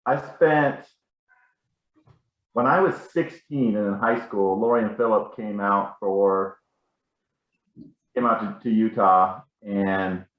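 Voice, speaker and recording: A man's voice: on the low side, echoey room, lo-fi sound. A man telling rambling, self-correcting stories about a family member at a casual gathering. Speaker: family member sharing memories.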